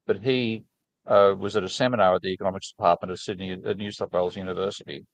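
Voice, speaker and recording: A man's voice: fairly low pitch, no room sound, rough recording. A man hosting a casual conversation, telling enthusiastic, plain-spoken anecdotes with many restarts. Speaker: host.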